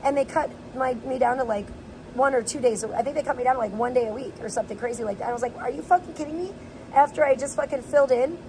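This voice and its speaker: A woman with a slightly high, steady, somewhat mellow voice talks fast in a casual IRL livestream, the audio poor with a little hiss or hum. She vents in a rambling way, using many fillers, as she moves from outdoors into her home.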